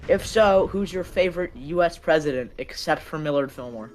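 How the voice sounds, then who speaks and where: A man's voice: fairly high pitch, brisk. Joking male speedrunner mid-stream. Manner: joking, offhand, teasing. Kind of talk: casual chat while gaming.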